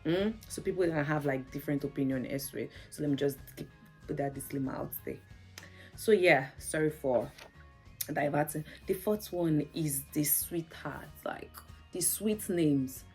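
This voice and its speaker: A Nigerian woman vlogs to camera in a casual, chatty storytelling style, laughing often and saying "like" a lot. Her voice is deep and slightly rough at a moderate pace, with soft music in the background.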